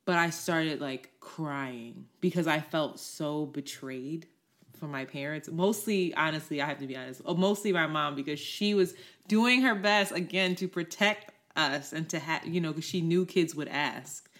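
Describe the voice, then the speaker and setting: Low-voiced woman telling a candid story. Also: normal speed, a bit bright. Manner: candid, swears freely, acts out quoted voices. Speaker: podcast co-host. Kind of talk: casual storytelling chat.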